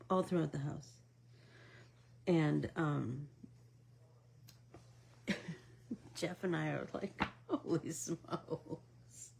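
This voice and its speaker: A middle-aged woman hosting a casual embroidery stitch-along livestream, chatting while she stitches and drifting into soft asides. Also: deep voice, vocal fry, breathy edge.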